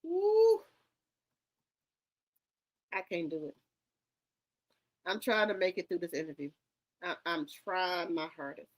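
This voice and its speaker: A woman's voice: on the low side, normal speed, pauses often. A woman reacting to an interview clip with dramatic disbelief, cursing freely and talking straight to her viewers. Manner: dramatic and incredulous, jumps from shrieks to muttered sighs. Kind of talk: animated reaction commentary.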